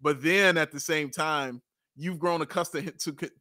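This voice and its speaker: Bright excitable man on sports podcast. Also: on the high side, normal speed, no echo, clean studio sound. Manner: excitable, laughs often, repeats himself. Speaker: podcast co-host. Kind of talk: casual sports podcast chat.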